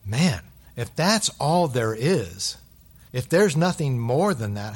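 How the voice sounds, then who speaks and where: A pastor preaching a sermon to his church, swinging from loud emphatic bursts to hushed asides. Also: medium pitch, very animated, slow, husky.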